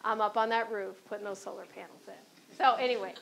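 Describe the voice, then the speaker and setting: A woman's voice: medium pitch, fairly even intonation, a little fast, vocal fry, a bit bright, low-quality recording. A woman from Chicago with a Chicago accent, speaking on a panel as a former court clerk and telling stories, often checking in with "right?". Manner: anecdotal, often adds "right?".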